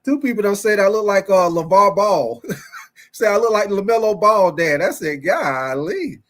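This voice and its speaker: A young man hosting a casual sports talk show, animated and quick to laugh, repeating his phrases and calling out to viewers. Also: sits high. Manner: animated, laughing often, repeats phrases, reads live chat. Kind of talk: casual chat.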